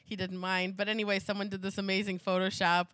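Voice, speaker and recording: Woman, podcast host, casual chat, rambling, laughs often, clear voice, dry recording. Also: medium pitch, flat delivery, fast, fairly bright tone, no echo.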